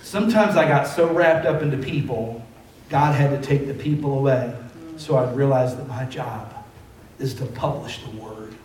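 A man's voice: mid-range voice, normal speed, darkish tone, slight background noise. A male pastor preaching a sermon in a conversational way that rises to emphatic calls. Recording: echoey hall from far off.

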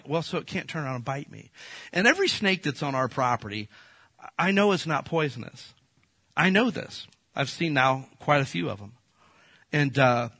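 Male pastor, folksy sermon delivery, dry close recording, slightly husky tone. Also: on the high side, no room sound. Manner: animated storytelling, acts out quoted voices; folksy, addresses the congregation as folks.

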